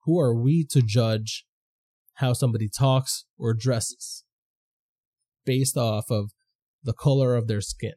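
A man with a mellow, warm, mid-range voice thinks aloud as a podcast host in a loose, rambling monologue. He speaks slowly with long pauses, keeping it casual and swearing freely.

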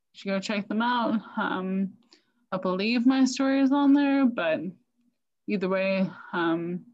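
A woman sommelier and wine shop owner, a guest talking in a slow, hesitant way with many fillers. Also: mid-range voice, muffled recording. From United States. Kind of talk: casual interview chat.

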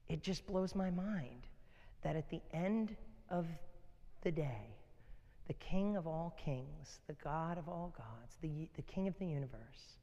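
A male pastor preaching a sermon, swinging from loud fervent delivery to hushed, near-whispered lines. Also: fairly high pitch, a little slow, long reverb tail, dull audio.

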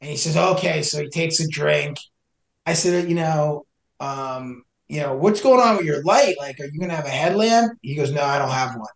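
Animated man telling hiking stories. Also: fairly high pitch, moderate pace, vocal fry, echoey room. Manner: animated, acts out both sides of dialogue. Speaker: podcast guest, search and rescue hiker. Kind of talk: casual storytelling.

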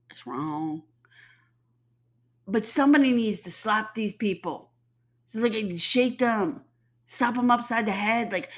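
Woman in her fifties, stuffy and sore-throated, blunt, profane to-camera ranter. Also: medium pitch. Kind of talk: casual rant to camera.

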